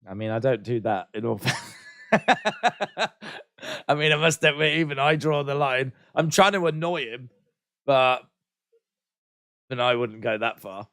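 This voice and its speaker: A man's voice: mid-range voice, lively intonation, a little slow, long pauses, fairly bright tone, no room sound, clean studio sound. A man hosting a live watch-along stream, chatting casually, reading out viewer comments and answering them with playful teasing humor. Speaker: livestream host.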